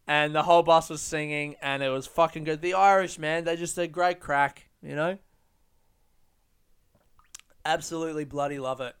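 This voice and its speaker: A man's voice: on the high side, fairly even intonation, normal speed, pauses often, a bit bright, clear, resonant tone. A man hosting a casual solo podcast, rambling in a profane, self-mocking way. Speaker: podcast host. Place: London, UK.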